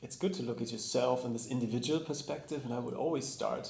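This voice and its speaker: A man's voice: medium pitch, fast, gravelly, a little mellow, reverberant, slight background noise. A man, a yoga teacher and co-host, talking in a reflective, hesitant way with many restarts in casual conversation.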